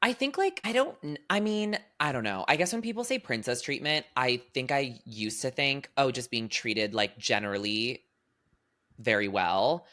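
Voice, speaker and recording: Young woman podcast co-host with a low, bright, swooping voice and a casual, laughing manner. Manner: animated, quick to laugh, full of "literally" and "like". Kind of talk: casual chat.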